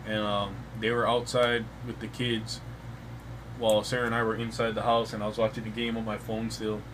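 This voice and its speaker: A man's voice: fairly low pitch, completely flat delivery, fairly quick, background noise. A young man co-hosting a casual podcast, telling stories with lots of swearing. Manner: profane, storytelling. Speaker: podcast co-host. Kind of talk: casual chat.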